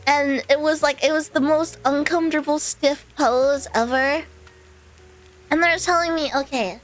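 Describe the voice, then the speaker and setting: A woman with a high voice chats loosely with her stream audience, circling back and piling on fillers as she goes. Soft music plays faintly underneath. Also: steady tone, a little slow, poor audio. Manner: rambling, filler-heavy, with laughs between phrases. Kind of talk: casual storytelling chat.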